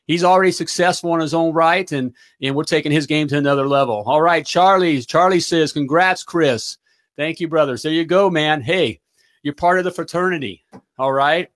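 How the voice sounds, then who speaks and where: Fairly high-pitched and moving at a moderate pace, a middle-aged business coach rallies his livestream audience with an energetic pep talk, checking in again and again with "all right?"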